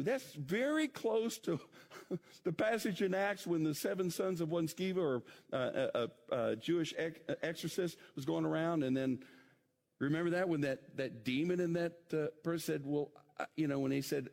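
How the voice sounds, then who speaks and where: A middle-aged man preaching a sermon as pastor, swinging between loud emphasis and quiet intensity. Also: a little high, expressive, normal speed. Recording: long hall reverb.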